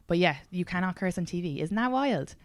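An Irish woman hosting a podcast in casual chat. She is animated, laughs a lot and swears freely. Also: fairly low pitch, brisk, dry recording. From Ireland. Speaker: podcast host and comedian.

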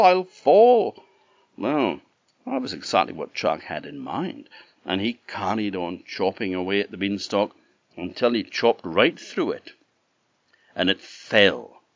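Slow, deep storyteller man. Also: no room sound. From Orkney Islands. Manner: animated, conversational telling with asides to the listener. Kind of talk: traditional oral storytelling. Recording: dull, dry lo-fi recording.

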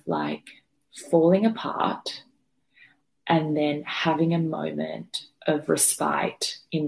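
A woman's voice: low voice, vocal fry, darkish tone. A woman being interviewed, telling a raw, emotional personal story, swearing freely and rambling with fillers. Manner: rambling with many fillers and restarts. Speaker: podcast guest telling her birth story.

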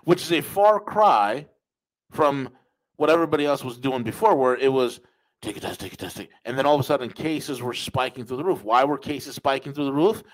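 In a low-quality recording, a man with a mid-range voice hosts a podcast, talking a little fast. His commentary is strongly opinionated, full of repeated phrases, and aimed at listeners he calls "folks."

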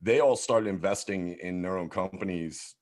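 A man's voice: deep voice, normal speed, a little mellow. A man, telling rambling, profane stories as a podcast guest. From Philadelphia, USA. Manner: rambling, heavy swearing, lots of "like" and restarts. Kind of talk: casual storytelling in a podcast interview.

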